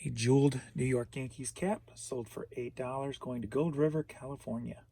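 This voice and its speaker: In a husky, creaky voice with a dark tone, this man walks through his online sales at normal speed, listing every item and its destination. His pitch is medium and his intonation fairly even, and he chuckles now and then in this laid-back reseller's rundown.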